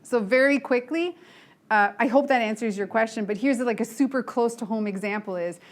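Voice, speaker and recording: Speaking fairly quickly in a voice on the high side, a middle-aged woman delivers a motivational leadership talk before a live audience. She tells frank, lively stories, performing the dialogue herself.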